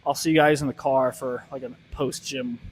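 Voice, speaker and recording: A man's voice: mid-range voice, fairly even intonation, soft background music. Winded man talking between lifting sets. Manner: breathy, halting, talks between gasps. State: out of breath. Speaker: weightlifter vlogging his workout. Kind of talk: casual talk to camera between sets. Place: gym. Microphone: camera set up nearby in the gym.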